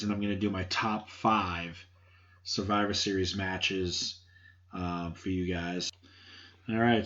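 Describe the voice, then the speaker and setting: A man's voice: fairly low pitch, fairly bright tone. A man hosting a solo podcast, giving blunt, offhand opinions with casual swearing. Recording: dull lo-fi sound.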